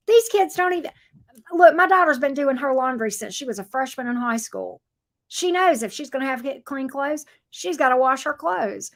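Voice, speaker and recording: Woman, forties, blunt and chatty, livestream host, fairly high voice. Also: fairly bright tone. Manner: chatty, blunt, reads viewer comments aloud. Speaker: tarot reader livestream host. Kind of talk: casual livestream chat.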